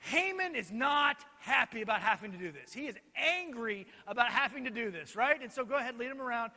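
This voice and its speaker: Bright-voiced, animated pastor. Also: male voice, extremely high pitch, fast. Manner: animated, joking, directs helpers on stage. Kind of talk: children's Bible lesson storytelling. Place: church hall. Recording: reverberant hall.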